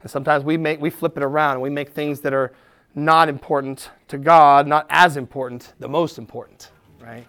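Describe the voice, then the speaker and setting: A middle-aged man preaching a sermon, animated, acting out quoted voices and dropping to a soft tone for encouragement. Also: fairly high pitch, normal speed, clear, resonant tone. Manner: drops to a soft, quiet tone for encouragement. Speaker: pastor.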